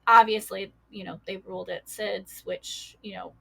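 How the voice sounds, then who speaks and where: A woman's voice: medium pitch, steady tone, normal speed, vocal fry, breathy edge. A woman guest recounting a painful personal loss in a casual, filler-heavy way. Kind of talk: personal storytelling.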